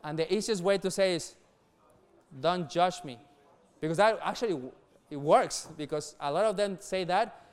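A middle-aged man preaching earnestly to young people, laughing softly between points and repeating words as he goes. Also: sits high, a little fast, few pauses, clean tone. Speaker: youth pastor.

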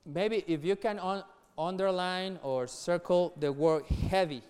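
A middle-aged man preaching earnestly to young people, laughing softly between points and repeating words as he goes. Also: high-pitched, a little slow, clear, resonant tone. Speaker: youth pastor.

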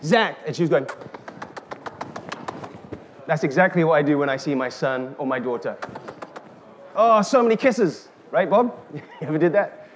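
A man preaching a sermon, slow and emphatic, calling out questions to the congregation. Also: on the high side. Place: church hall. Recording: reverberant hall with faint noise.

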